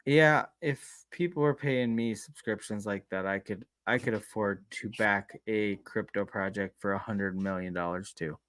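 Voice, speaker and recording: A man's voice: fairly low pitch, moderate pace, few pauses, fairly bright tone, dry recording. Man from Minnesota, casual podcast co-host, laughs a lot, swears freely, dry close sound.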